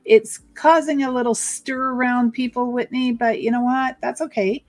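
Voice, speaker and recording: A chatty woman co-hosting a live card-reading stream. Her voice sits a little high, and she runs through viewer comments one after another in a relaxed, friendly way. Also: normal speed, soft background music. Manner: chatty, reads viewer comments aloud, laughs easily. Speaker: co-host psychic reader.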